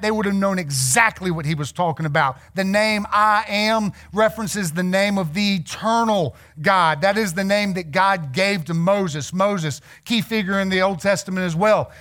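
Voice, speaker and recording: Animated high-voiced male preacher. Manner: animated storytelling, acts out biblical figures; drops to a hushed low voice for emphasis. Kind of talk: sermon.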